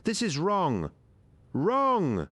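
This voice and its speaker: A man's voice: high voice, huge pitch swings, drawn-out words, fairly bright tone, slight background noise, pitched above the performer's own voice, full character voice. Horus, a man voicing a roaring despairing warlord. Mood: anguished shouting. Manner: roaring, voice cracking.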